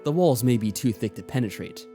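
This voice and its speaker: A man reads out a well-mannered rich host of a grand house, polite and unhurried, his delivery sliding up and down in pitch with lively movement. The reading stays near the performer's everyday voice, with soft game music faintly behind. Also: lightly acted. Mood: polite, composed. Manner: tries for posh but stays near own voice. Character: wealthy male mansion owner, courteous and composed. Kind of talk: let's play reading of a visual novel.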